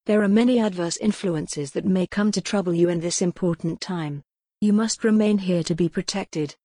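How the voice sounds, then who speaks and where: A man's voice: high voice, moderate pace, mellow, dry recording, clean studio sound. A woman voicing an earnest, insistent old cult elder in an audiobook.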